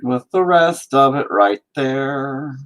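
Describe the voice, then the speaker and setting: A man's voice: mid-range voice, animated, slow pace, a bit bright. A man rambling casually to his stream while he paints, swearing constantly and joking. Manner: profane, rambling, jokey. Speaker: streaming artist.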